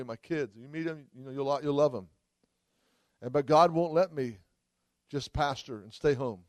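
A man's voice: mid-range voice, a little mellow, no echo. A man preaching a sermon at a church service, fervent, with frequent cries of hallelujah. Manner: fervent, exclaims hallelujah often. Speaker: traveling preacher.

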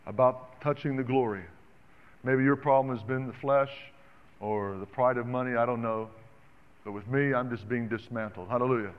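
A man preaching a sermon in an animated, conversational way, calling out to the congregation. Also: mid-range voice, moderate pace. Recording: dull sound with long reverb in a hall.

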